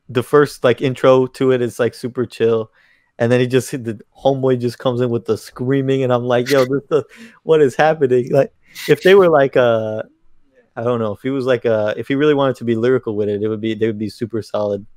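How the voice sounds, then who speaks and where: A man co-hosting a podcast chats casually in a halting, slangy way. His voice is medium-pitched and darkish with fairly even intonation, recorded with clean studio sound and no echo.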